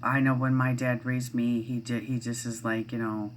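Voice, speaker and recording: A woman's voice: rumbling low, little pitch movement, normal speed, a little hiss or hum. A middle-aged woman vlogging at home, chatting casually in a rambling way with lots of fillers and restarts. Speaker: parent vlogger. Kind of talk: casual chat to camera.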